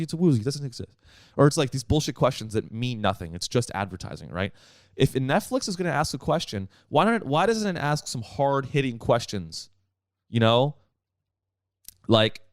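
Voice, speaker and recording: A man's voice: fairly low pitch, clear, resonant tone, dry recording, studio quality. A young man hosting a solo comedy podcast, ranting in a rambling, profane way with many restarts. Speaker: podcast host.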